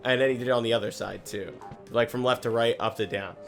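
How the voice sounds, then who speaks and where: A man's voice: medium pitch, fairly even intonation, fast, gravelly, faint music behind. A man rambling through a casual story while playing a game, with constant "like" fillers and plenty of swearing. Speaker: gaming video host.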